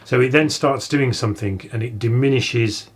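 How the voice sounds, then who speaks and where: A man, co-hosting a music podcast, explaining things in a measured way. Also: medium pitch, slight background noise. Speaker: podcast co-host. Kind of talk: casual chat.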